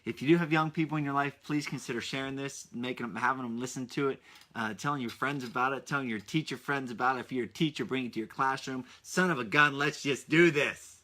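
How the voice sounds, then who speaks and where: Man, 30s, podcast host, kids' show, enthusiastic, repetitive, bright tone. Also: mid-range voice, fast talker, slight background noise. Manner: enthusiastic, repetitive, addresses kids directly. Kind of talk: upbeat kids' podcast talk.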